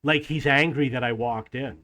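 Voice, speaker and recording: A man's voice: medium pitch, moderate pace, bright, forceful tone. A man telling a story in a casual, exasperated rant, acting out bits of dialogue as he goes. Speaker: travel vlogger.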